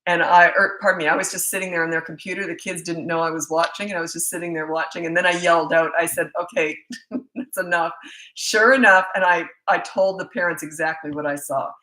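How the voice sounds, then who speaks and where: A middle-aged woman talks casually through a webcam, answering parents' questions with stories and easy laughs. Her voice is bright and sits a little low, with a loose, rambling rhythm. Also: fairly even intonation, fast, few pauses, poor audio. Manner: chatty, storytelling, laughs often. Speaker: parenting coach. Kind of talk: live Q&A chat from home on webcam. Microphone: laptop webcam.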